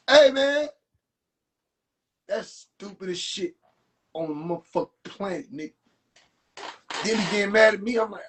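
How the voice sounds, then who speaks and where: A man ranting and mocking in a profane, animated rant to a live audience, streamed from a phone. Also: high-pitched, moderate pace, pauses often, slight background noise. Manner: animated, profane, rants and mocks. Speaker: livestream host. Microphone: phone livestream.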